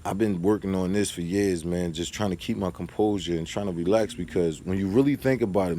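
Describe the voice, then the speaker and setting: A man with a low, deep voice talks loosely to his camera. He rambles and turns street-casual. He sometimes stops to give his viewers advice. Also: dark tone, a little hiss or hum. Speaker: vlogger.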